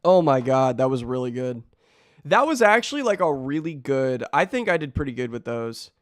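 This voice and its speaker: A hoarse young man chatting casually to a livestream audience, rambling and slangy, his voice nearly worn out. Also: medium pitch, very animated, normal speed, no echo, clean studio sound. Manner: rambling, slangy, self-interrupting. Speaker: streamer.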